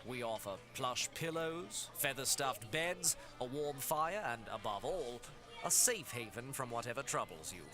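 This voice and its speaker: A man's voice: mid-range voice, lively intonation, measured pace, close to an everyday voice. A man's synthetic voice playing a posh male innkeeper who welcomes guests with formal, ornate words. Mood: grand. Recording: clear music behind.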